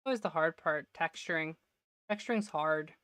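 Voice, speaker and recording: Woman, streamer, casual self-talk, frequent laughs, slightly worn voice, smooth and clear, dry close mic. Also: deep voice, moderate pace, a bit bright, no room sound. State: slightly losing her voice. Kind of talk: casual gameplay commentary.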